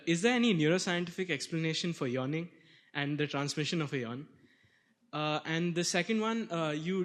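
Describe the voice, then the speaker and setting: A man's voice: a little high, a bit bright. A young man, a student in the audience, politely asking a lecturer a question, hesitant and full of fillers. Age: young adult.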